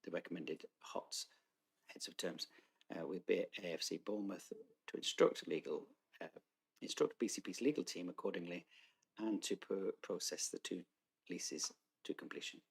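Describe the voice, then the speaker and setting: Creaky, husky-voiced man chairing a meeting. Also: deep voice, normal speed. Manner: procedural, reads formal motions with hesitations. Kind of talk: formal council meeting chairing. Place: council meeting room.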